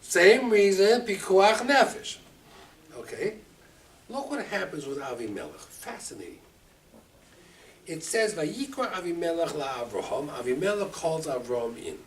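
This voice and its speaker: Animated man teaching a Torah class. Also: fairly high pitch, moderate pace, a little hiss or hum. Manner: animated, acts out quotes, mixes Hebrew terms. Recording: distant mic with faint room ambience.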